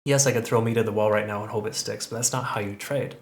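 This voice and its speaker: Fast-talking gravelly male chart analyst. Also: on the low side, steady tone. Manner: conversational, keeps checking in with "okay". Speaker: crypto market analyst. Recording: roomy echo.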